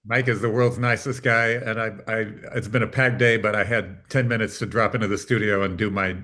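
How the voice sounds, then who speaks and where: A man's voice: fairly low pitch, steady tone, a little fast, bright, forceful tone. Modest, self-deprecating middle-aged man. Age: middle-aged or older. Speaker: film producer, interview guest. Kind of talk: casual interview chat. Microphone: video call.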